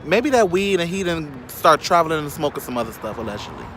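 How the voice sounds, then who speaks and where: Man from Chicago, slightly high voice, sassy gossip vlogger, outdoors with faint street noise. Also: big pitch swings, a little fast, fairly bright tone. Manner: sassy, shady, keeps calling the viewer "child". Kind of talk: casual gossip commentary. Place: outdoors in sunlight.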